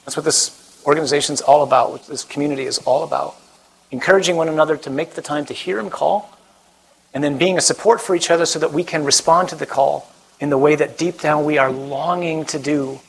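A priest giving a conversational sermon to a live audience, with self-deprecating humor. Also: male voice, fairly high pitch, fairly even intonation, fairly quick, gravelly, slightly rough, poor audio. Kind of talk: sermon to a young adult group.

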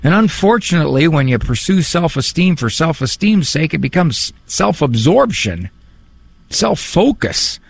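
A male psychologist giving a talk on parenting and faith, animated and joking in a conversational way. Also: a little high, normal speed, gravelly, few pauses, breathy edge, no room sound.

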